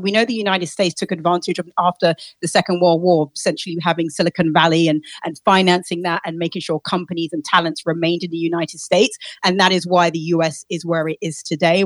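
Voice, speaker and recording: A woman's voice: lowish voice, no room sound. A woman co-hosting a casual panel discussion, thoughtful, with frequent restarts and fillers.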